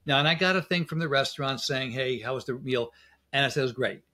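Speaking fast in a bright, forceful, mid-range voice, the middle-aged dental specialist chats as an interview guest. He relays his stories as quoted back-and-forth exchanges, keeping the talk casual.

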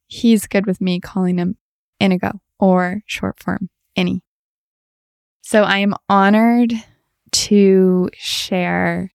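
Woman, podcast host, emotional storytelling, gravelly, dry close recording. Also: fairly low pitch, darkish tone, no room sound. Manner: tender, emotional, reflective. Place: farm.

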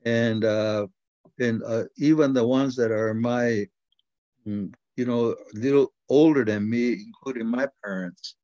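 A man's voice: medium pitch, a little slow, dark tone, no echo. Older American man, interviewee, blunt and rambling with restarts; dry, slightly muffled recording. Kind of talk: casual talk.

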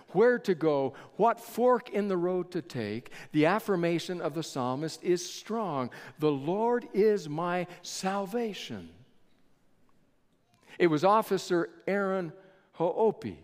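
Guy preaching real slow with big pauses, kinda high voice, church echo all around. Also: darkish tone, clear, resonant tone. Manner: slow, deliberate delivery with dramatic pauses. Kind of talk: sermon. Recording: long reverb of a large hall.

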